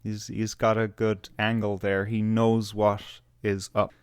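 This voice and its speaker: A man's voice: fairly low pitch, monotone, measured pace, clear, resonant tone, no room sound, studio quality. A man giving sarcastic, conversational commentary on a video. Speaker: video reviewer.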